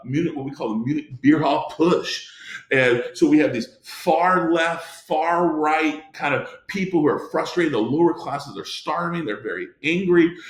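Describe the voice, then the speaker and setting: A man's voice: a little high, roomy sound. A man teaching a history lecture in an emphatic way, often restarting his sentences. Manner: emphatic, many restarts and fillers. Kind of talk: recorded classroom lecture.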